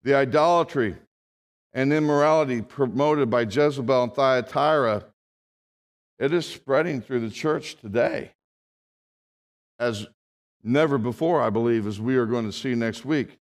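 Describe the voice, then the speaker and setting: A man preaching from the pulpit in a church sanctuary, his mid-pitched voice trailing off into long reverb. He swings between hushed, heavy passages and loud, raised proclamations. It sounds like a live sermon delivered to a congregation. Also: unhurried, pauses often. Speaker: pastor.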